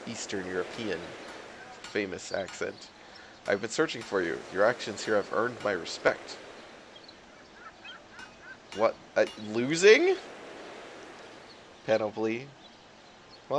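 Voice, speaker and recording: A man's voice: on the low side, gravelly, background noise. A man streaming a video game, reading its text aloud and making sarcastic, profane, rambling comments. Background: game music.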